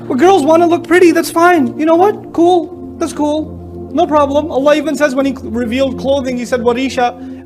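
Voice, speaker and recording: A man with a very high-pitched voice delivers a lively sermon to young people, acting out family quotes in an even higher voice. Music plays clearly beneath his talk. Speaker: Islamic speaker. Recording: lecture with music underneath.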